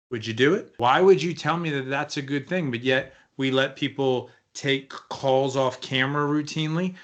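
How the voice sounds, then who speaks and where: A man's voice: mid-range voice, a bit bright. A man co-hosting a leadership podcast as a coach, talking casually and emphatically, often asking rhetorical questions.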